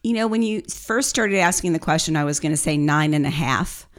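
A woman speaks a little fast in a low-pitched voice as she co-hosts a casual business podcast. She tells her story conversationally, with fillers and light laughs mixed in.

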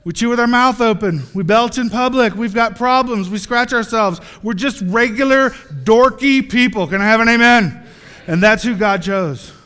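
Bright, high-voiced man preaching in a hall. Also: normal speed, clear, resonant tone. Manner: animated, joking, acts out little scenes. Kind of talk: sermon.

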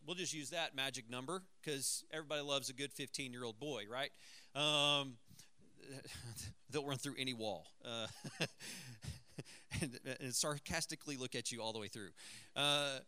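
A middle-aged man speaks as a high school pastor addressing parents, relaxed and self-deprecating as he tells stories and asks the room questions. His voice is strongly bright and pushed forward, sitting a touch high for a man. The sound is dry and close, with no room around it. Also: no echo. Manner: conversational, self-deprecating storytelling with audience asides. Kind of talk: talk to parents.

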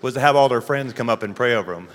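A man's voice: medium pitch, racing. A man leading a church service, upbeat and directing the congregation to welcome a couple and pray. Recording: long hall reverb.

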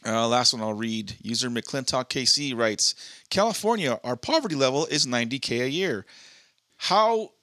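Brief: male podcast co-host, bright tense tone, dry close sound, loose and profane. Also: medium pitch, animated, normal speed, no room sound. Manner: reads listener posts aloud, swears freely. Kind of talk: casual chat.

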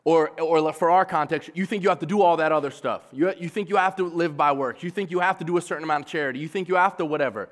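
A man preaching a sermon in a casual, animated way, acting out quoted voices. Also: on the high side, fast talker, hardly any pauses.

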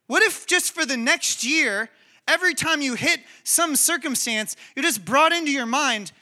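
A man with a notably high voice preaching a sermon. His tone is very bright and sharp, and he tells his stories in an animated, chatty, emphatic way. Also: normal speed. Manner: animated storytelling, conversational and emphatic. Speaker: pastor.

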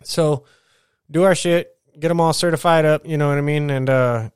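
Smooth-voiced man telling a rambling work story. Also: on the high side, normal speed, no echo, clean studio sound. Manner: rambling, profane, animated retelling. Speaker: podcast host. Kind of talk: casual storytelling monologue. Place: at home getting ready for bed.

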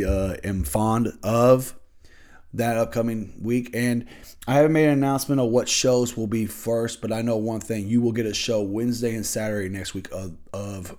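A man's voice: on the low side, steady tone, measured pace, a little mellow. Guy hosting a solo wrestling-style podcast, loose chatty talk, swears a lot, blunt rants. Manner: blunt, profane ranting; loose and conversational with fillers. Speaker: podcast host. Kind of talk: casual solo podcast chat.

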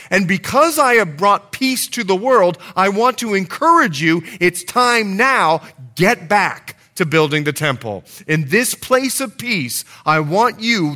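Preacher doing god's voice, earnest and urging, bright tone. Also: male voice, high-pitched, full character voice. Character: God as an encouraging man urging his people on.

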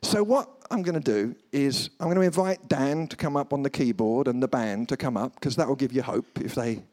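A man's voice: medium pitch, a little fast. A man preaching a humorous sermon at a church service, telling stories and slipping into comic voices. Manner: animated storytelling, slips into comic voices. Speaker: guest preacher. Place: church service before a congregation.

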